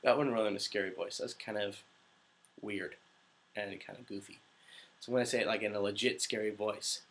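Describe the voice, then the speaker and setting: This twenties-aged voice actor runs his casual livestream Q&A with a lowish, slightly bright voice and a brisk pace. His intonation stays fairly even as he rambles, giggles, and pokes fun at himself, sounding slightly unwell.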